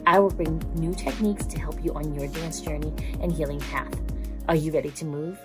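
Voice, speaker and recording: A middle-aged woman hosting a podcast, with a slow, deliberate announcer delivery. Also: sits low, fairly even intonation, music in the background. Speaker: podcast host. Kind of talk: scripted intro then casual chat.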